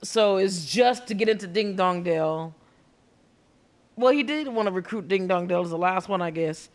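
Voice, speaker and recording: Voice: medium pitch, lively intonation, moderate pace. A person commenting casually and jokingly on a video game.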